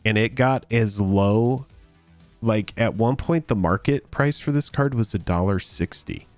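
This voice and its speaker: A man co-hosting a casual chat about card prices, relaxed and wry. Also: fairly low pitch, a little slow, no room sound, faint music behind. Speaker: co-host.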